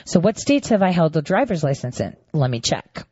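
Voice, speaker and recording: A woman telling viewers a story in a casual monologue, indignant and animated, acting out both sides of each exchange. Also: sits low, brisk, slightly rough, no room sound, dull audio. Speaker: storyteller recounting a voting dispute.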